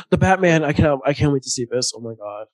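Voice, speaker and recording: A man's voice: fairly high pitch, a little fast, dry recording. A young man co-hosting a podcast, chatting casually and acting out quotes as he retells a movie scene. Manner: animated storyteller, acts out quotes. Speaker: podcast co-host. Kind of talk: casual movie recap chat.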